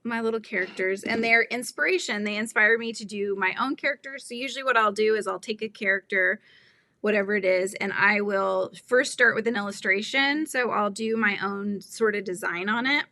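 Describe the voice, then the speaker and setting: A woman's voice: mid-range voice, moderate pace, gravelly, sharp tone, no room sound. A middle-aged woman hosting a crochet livestream, chatting casually, giggling and reading the chat aloud.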